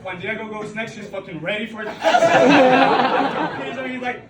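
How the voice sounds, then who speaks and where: A young man with a Colombian Spanish accent, a native Spanish speaker, telling a stand-up story on a club stage, halting and full of fillers and restarts. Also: high voice, animated, heavy background noise. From Colombia (Bogota). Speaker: stand-up comedian. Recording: roomy club sound from far off, loud crowd. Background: audience laughing.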